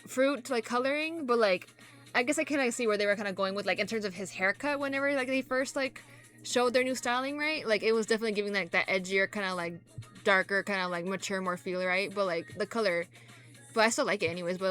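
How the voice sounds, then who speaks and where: A woman reacting casually to photos, rambling and full of fillers, gushing with excitement. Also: mid-range voice. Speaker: K-pop reaction vlogger.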